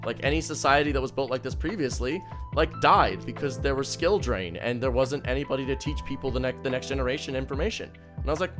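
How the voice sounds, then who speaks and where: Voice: medium pitch, quick pace, hardly any pauses, over music. Joking, foul-mouthed show host. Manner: swearing, joking, animated. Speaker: host of a tabletop game show. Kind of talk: casual chat and Q&A.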